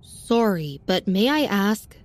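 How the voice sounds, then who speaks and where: A woman voicing a composed teenage girl who speaks calmly and seriously while holding back anger. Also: mid-range voice, takes it slowly. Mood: cold. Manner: calm, serious, controlled. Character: cold composed teenage girl, quietly furious.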